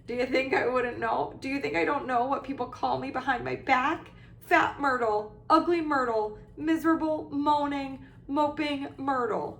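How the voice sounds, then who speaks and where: A woman's voice: high-pitched, lively intonation, moderate pace, few pauses, a bit bright, roomy sound, pitched above the performer's own voice. A woman voicing a sulky, tearful ghost girl in a whiny, self-pitying voice, in an audiobook reading.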